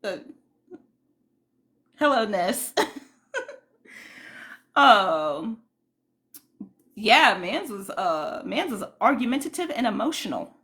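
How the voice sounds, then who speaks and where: A woman's voice: fairly high pitch, big pitch swings, slow, pauses often, fairly bright tone. A woman hosting a casual livestream, greeting viewers and giving indignant, rambling commentary full of fillers. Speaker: livestream host.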